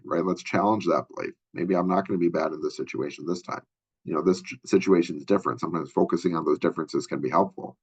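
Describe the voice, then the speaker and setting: Deep-voiced fast-talking male instructor. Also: slightly rough, dull audio. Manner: conversational, many fillers and asides. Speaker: college instructor. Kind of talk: recorded lecture.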